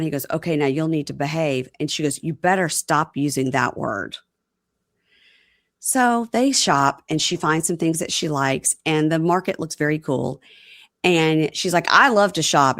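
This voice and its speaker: A woman co-hosting a casual chat, retelling scenes with lively acted-out quotes. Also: sits low, no echo, studio quality. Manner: animated retelling, acting out quotes. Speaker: podcast co-host recapping reality TV.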